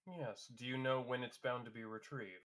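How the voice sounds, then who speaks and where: Give me a man with a crisp, bright voice, politely questioning in character during a tabletop game. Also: mid-range voice, fairly even intonation, normal speed. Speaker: player. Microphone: home mic on a voice call.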